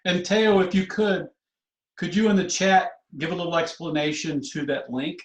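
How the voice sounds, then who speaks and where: A man with a fairly high voice facilitates an online meeting, asking questions and encouraging people. His voice rings a little in a roomy space over the video call. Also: moderate pace.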